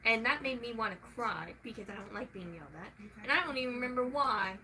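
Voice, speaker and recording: A young woman venting in a casual vlog, swearing freely and swinging from soft talk to loud shouting. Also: on the high side, animated, fast, a little hiss or hum, poor audio.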